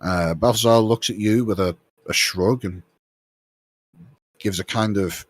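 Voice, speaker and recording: Deep, husky-voiced man narrating a tabletop game. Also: dry recording. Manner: halting, with many fillers and restarts. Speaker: game master.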